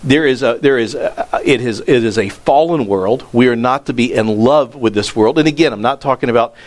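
In a brisk, mid-range voice, a man delivers a sermon as a pastor. He keeps it conversational but gets louder for emphasis, especially on quoted lines.

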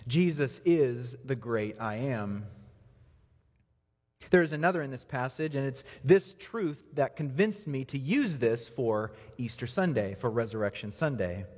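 Husky earnest man preaching a sermon. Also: animated, unhurried. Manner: earnest, swinging from soft low passages to lifted emphasis. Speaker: pastor. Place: church. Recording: reverberant hall.

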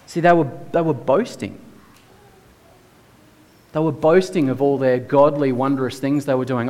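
A man's voice: medium pitch, unhurried, pauses often, a little mellow. A man preaching a sermon in a casual, conversational way. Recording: echoey church hall.

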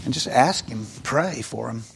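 A man's voice: mid-range voice, lively intonation, a little slow, vocal fry, slight background noise. A man preaching a sermon in an earnest, conversational way, acting out short bits of dialogue. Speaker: pastor.

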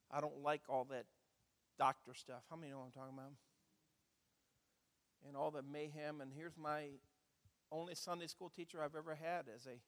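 A man preaches a sermon, telling a story to his congregation and stopping now and then to ask them questions. His voice sits high for a man. The sound rings with the long reverb of a large hall. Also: a bit bright. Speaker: pastor.

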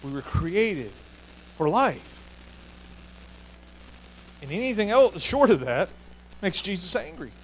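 A man's voice: sits high, big pitch swings, slow, pauses often, a little hiss or hum, rough recording. A man preaching a sermon in an earnest way, often repeating key phrases for emphasis. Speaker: pastor.

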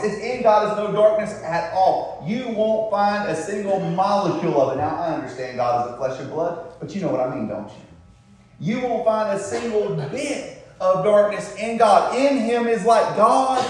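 A man preaching a sermon to a congregation, drawing out emphatic words and throwing in tag questions like "isn't it?". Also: high-pitched. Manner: call-and-response preaching, rhetorical tag questions. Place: church sanctuary. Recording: very echoey room, voice far from mic.

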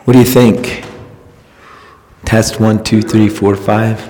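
A man serving as pastor, chatting casually and counting into the mic during a sound check before a sermon. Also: on the low side. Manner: relaxed, joking, counting into the mic. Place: church sanctuary. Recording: long hall reverb.

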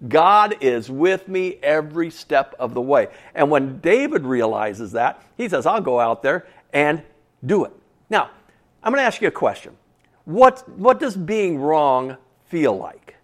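A man's voice: a little high, sing-song, a little slow. A man preaching a sermon in a conversational way, asking the congregation questions and repeating key phrases for emphasis. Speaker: pastor.

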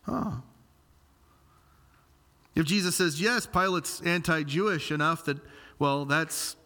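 A man's voice: on the high side, a bit bright. A man preaching an expository sermon, explaining scripture with emphatic delivery. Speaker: pastor. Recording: long hall reverb.

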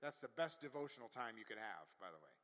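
A man's voice: medium pitch, sing-song, quick pace, fairly bright tone. A middle-aged male preacher giving a sermon, building rhythmic repeated proclamations and chuckling at his own asides. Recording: long hall reverb.

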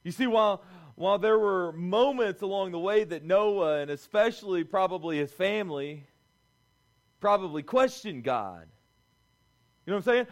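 A young male youth pastor delivers a lively sermon in a casual, talky way. His voice sits high, and he keeps the energy up, breaking into quick acted-out lines for the people in his story. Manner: animated, conversational, acts out quoted voices.

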